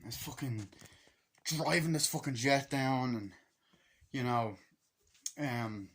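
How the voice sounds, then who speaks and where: A man casually reviewing a film, swearing freely and acting out scenes in quick voices as he rambles through the plot. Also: mid-range voice. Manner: excited, rambling retelling. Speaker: movie reviewer.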